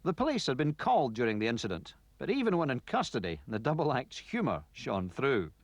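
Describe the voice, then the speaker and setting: A man giving measured, expressive scripted narration for a sports documentary. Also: medium pitch, no room sound, low-quality recording.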